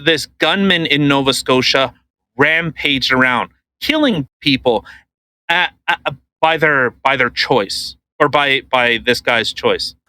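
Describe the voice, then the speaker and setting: Speaking in a slightly high voice with no echo, a Canadian podcast co-host launches into a casual rant loaded with swearing. He stays animated and mocks people with put-on voices. The recording quality is low.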